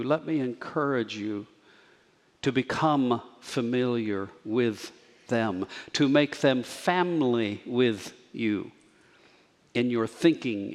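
A man preaching a sermon as pastor, measured and earnest, slowing down to stress key words. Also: mid-range voice, in a large hall. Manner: measured, earnest preaching with slow emphatic pauses.

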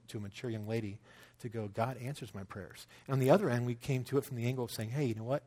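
A man's voice: medium pitch, darkish tone. A man in his thirties telling a personal story in a conversational sermon, acting out quotes as he goes. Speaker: pastor.

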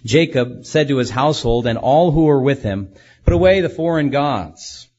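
A man's voice: medium pitch, expressive, moderate pace, a little mellow, muffled recording. A man preaching a sermon as a pastor, asking rhetorical questions and acting out quoted speakers.

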